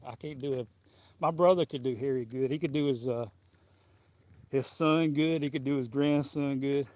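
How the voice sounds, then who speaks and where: Man, casual live-stream chat while walking, rambling, chuckly, outdoors, mid pitch. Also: normal speed, a little mellow, slight background noise. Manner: rambling, chuckling, loose and jokey. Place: outdoors in the sun.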